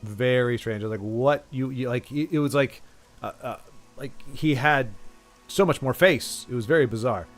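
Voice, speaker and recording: A man's voice: mid-range voice, normal speed, soft background music. A man giving casual, sarcastic commentary while playing a video game. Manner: sarcastic, joking asides. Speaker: let's play streamer.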